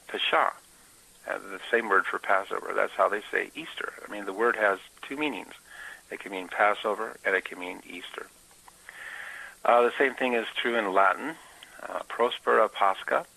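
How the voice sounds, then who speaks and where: A man giving an informal Bible teaching talk, explaining as he goes with frequent filler pauses. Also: fairly low pitch, creaky, bright, forceful tone, rough recording.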